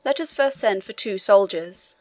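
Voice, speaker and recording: A man's voice: sits high, lively intonation, normal speed, no room sound. A woman voicing a deferential prison governor. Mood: explaining. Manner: deferential, explanatory. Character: obliging man, a prison governor.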